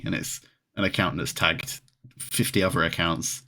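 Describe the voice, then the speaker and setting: A man co-hosting a game stream, chatting casually and joking in an animated way. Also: low voice, a little fast. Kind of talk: casual late-night chat.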